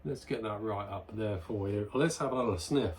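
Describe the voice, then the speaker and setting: A man's voice: on the low side, normal speed, darkish tone, slight background noise. A man hosting his own beer review vlog, chatting casually and enthusiastically as he smells and tastes a beer. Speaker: beer reviewer, channel host. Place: at home, near a barbecue area.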